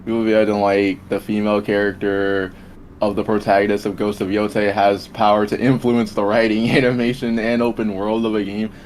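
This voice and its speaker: A man's voice: fairly low pitch, little pitch movement, fairly quick, slight background noise. A man making a rambling, repeating case in a casual debate over a voice call. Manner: rambling, repeats and restarts while arguing.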